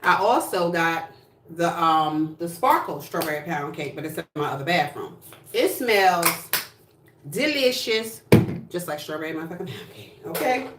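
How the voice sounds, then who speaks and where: A woman's voice: lowish voice, animated, normal speed, noisy background. Sassy, blunt woman livestreaming from a distance. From New Jersey. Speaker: livestream host. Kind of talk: casual livestream chat. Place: home room, indoors. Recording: echoey room, voice from off-mic.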